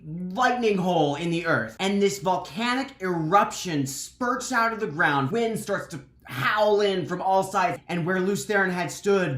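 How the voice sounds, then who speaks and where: An enthusiastic woman hosting a casual video recap of a fantasy novel, full of slang and excitement. Her pitch swings widely as she talks. A roomy echo surrounds her voice. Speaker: book recap host.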